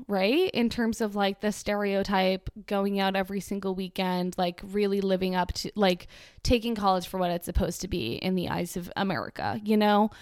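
A woman's voice: mid-range voice, smooth, dry recording. Young woman ranting on a podcast, sarcastic and rambly, dry close sound. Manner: sarcastic, rambling, filler-heavy. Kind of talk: casual ranting monologue.

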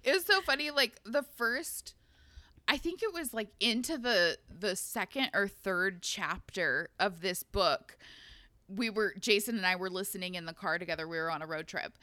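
A woman's voice: medium pitch, normal speed, pushed and bright, dry recording. A woman co-hosting a casual book podcast, enthusiastic and giggly, with lots of "like". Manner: giggly, enthusiastic, says "like" often. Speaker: podcast co-host. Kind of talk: casual book-club chat.

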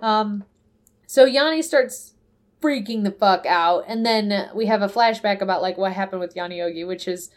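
A woman's voice: mid-range voice, normal speed. A woman chatting casually, animatedly retelling a story and acting out the characters' lines, swearing freely. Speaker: podcast host recapping a film. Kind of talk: casual chat.

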